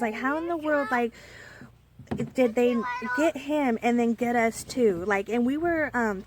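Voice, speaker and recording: A woman's voice: a little high, a little hiss or hum. A young woman telling a personal story in a casual storytime vlog, rambling with many fillers and restarts. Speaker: storyteller vlogger.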